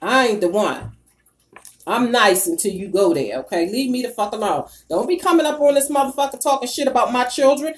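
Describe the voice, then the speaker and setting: A woman hosting a casual live stream, reading the chat and ranting bluntly, with heavy cursing and bursts of loud laughter. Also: high voice. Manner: profane, blunt and animated.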